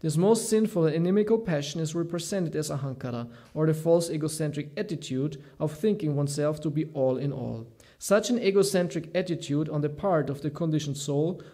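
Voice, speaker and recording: Man reading scripture, high voice. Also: mellow. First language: German. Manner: halting, thinks aloud, searches for words. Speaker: scripture class teacher. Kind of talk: reading scripture aloud with commentary.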